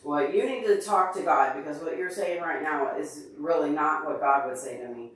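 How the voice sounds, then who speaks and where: A man's voice: fairly high pitch, moderate pace, a bit bright. A man hosting a casual livestream, upset and teary, earnestly answering viewers by name. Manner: emotional, earnest, openly tearful. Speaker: livestream host answering chat. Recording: very echoey room, far from mic.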